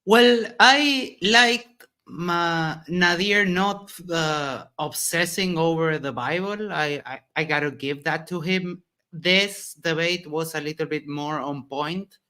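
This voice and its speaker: Slow-talking man with bright voice. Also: a little high, smooth. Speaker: panelist. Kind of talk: casual panel chat.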